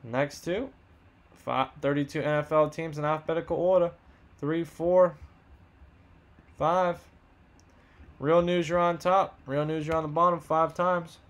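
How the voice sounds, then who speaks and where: A man hosting a live card box break, rattling off buyer names and teams in quick upbeat banter while losing his voice. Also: fairly high pitch, fairly even intonation.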